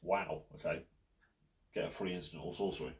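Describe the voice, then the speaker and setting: A man's voice: sits low, moderate pace. A man hosting a casual card game, playfully reading out card rules and his plays. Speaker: host and player. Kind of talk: casual tabletop game play.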